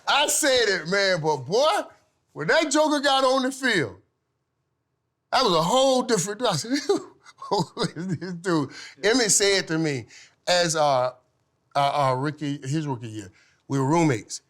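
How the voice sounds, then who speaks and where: A middle-aged man, a former football player, telling lively stories as a podcast guest, laughing often and swinging from loud to hushed. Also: sits high, unhurried. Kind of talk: animated storytelling in casual chat.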